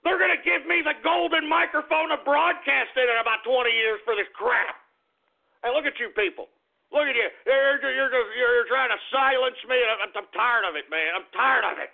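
Cursing radio host guy, high raspy voice, tinny phone-like sound. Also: normal speed. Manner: cursing, exasperated, repeats himself. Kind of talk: angry on-air rant. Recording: tinny lo-fi internet radio line.

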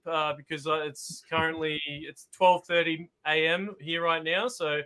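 A man with an Australian accent, guesting as a football analyst, talking through stats in a measured way with many "um"s. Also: on the high side, steady tone, pushed and bright, clean tone. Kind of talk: casual chat.

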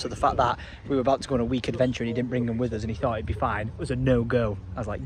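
A man's voice: mid-range voice, flat delivery, racing, few pauses. A young man from England, cheerfully vlogging a road trip with his dad in a jokey, casual way. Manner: upbeat, jokey, swears casually. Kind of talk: casual travel vlog. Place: camper van and service stations. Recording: outdoor traffic noise.

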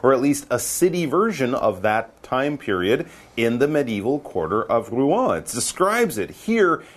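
A male English teacher explaining words in an animated, playful manner. His voice jumps around in pitch. He talks easily with a co-host. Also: unhurried. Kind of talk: lively explanatory chat.

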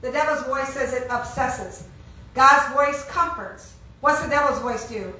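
A woman's voice: high voice, unhurried, bright, forceful tone. A woman preaching an informal sermon, asking the congregation questions and answering them with emphasis. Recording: echoey room, heard from far off.

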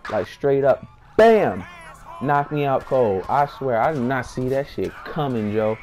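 A man's voice: medium pitch, lively intonation, a little slow, darkish tone, a little hiss or hum. A young man telling a comic story-time tale in a slangy, rambling voice, full of fillers and bursts of hype. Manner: hyped, acts out friends' voices in quotes. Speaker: storyteller vlogger.

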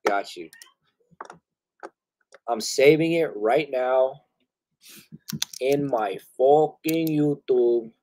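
A man hosting a live music review stream, talking loud and loose with heavy slang and swearing, laughing often. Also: mid-range voice, very slow, long pauses, slight background noise. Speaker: host reviewing submitted music. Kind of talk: casual live-stream chat.

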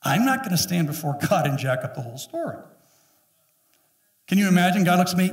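A man in his fifties preaching a sermon as pastor, emphatic and joking, often acting out quick voices. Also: high voice, sing-song. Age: 50s. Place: church sanctuary. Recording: echoey room, mic at a distance.

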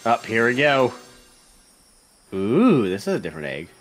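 A man's voice: medium pitch, big pitch swings, unhurried, faint music behind. A man co-hosting a casual game let's-play, rambling and laughing often. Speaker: gameplay co-host.

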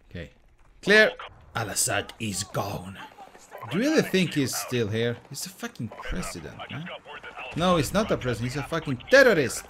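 A man giving casual let's-play commentary, excitable, swearing often and shouting callouts. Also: a little high, a little slow, gravelly, slight background noise. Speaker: gameplay commentator.

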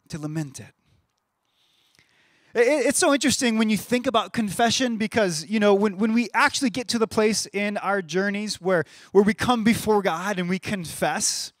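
A man in his thirties preaching a sermon as pastor, conversational and animated, acting out little voices in his stories. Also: high-pitched, no echo, studio quality. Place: church stage.

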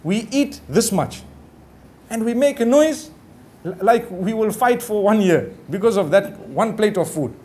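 A man's voice: sits high, animated, a little slow, darkish tone. A middle-aged man giving a sermon-style lecture, talking casually with many "you know" asides. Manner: acts out the quoted lines of others. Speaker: Islamic preacher. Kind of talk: lecture to a live audience.

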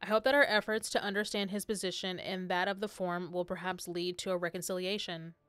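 A woman reading aloud the lines of an earnest young noblewoman scholar from a game, halting and stumbling over words. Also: fairly low pitch, fairly even intonation, a bit bright, smooth, no room sound, close to an everyday voice.

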